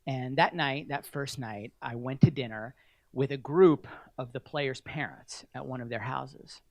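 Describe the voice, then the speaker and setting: A man's voice: mid-range voice, unhurried, gravelly, darkish tone, no room sound. A middle-aged man giving an award acceptance speech at a podium, telling wry, self-deprecating stories.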